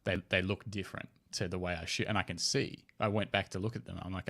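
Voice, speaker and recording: Low-voiced man from New Zealand chatting. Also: little pitch movement, quick pace, gravelly, a bit bright. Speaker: podcast guest, photographer. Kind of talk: casual podcast chat.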